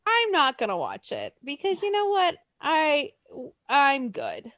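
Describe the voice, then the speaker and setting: A woman's high, animated voice bounces around as she chats on a podcast, cursing freely and laughing often. The sound is dry and close. Her pitch swings widely as she gets worked up. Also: unhurried, no echo. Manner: swearing, excitable, laughs often, lively and chatty. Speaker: podcast co-host. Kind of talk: casual chat.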